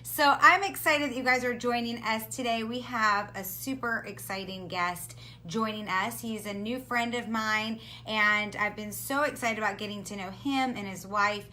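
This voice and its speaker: A woman hosting a live video stream, upbeat and gushing, often saying how excited she is, talking over a video call from home. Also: fairly high pitch, moderate pace, few pauses, a little hiss or hum. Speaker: host. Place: home in South Florida.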